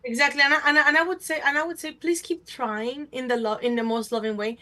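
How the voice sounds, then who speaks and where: A woman's voice: high voice, little pitch movement, quick pace, bright, forceful tone. A woman hosting a talk show, telling a personal story and acting out other people's voices. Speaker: host. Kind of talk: casual talk show conversation.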